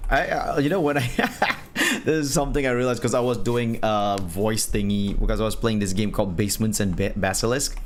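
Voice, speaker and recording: A man's voice: on the low side, brisk, hardly any pauses, slight background noise. A man chatting casually while streaming a cleaning game, laughing often and restarting his sentences. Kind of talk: casual gaming chat.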